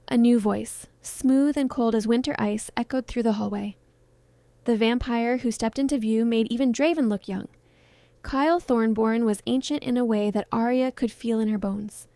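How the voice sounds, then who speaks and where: A woman reading a dramatic romance story aloud as narrator, in a steady storytelling manner. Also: fairly high pitch, moderate pace, no echo. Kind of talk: scripted audiobook narration.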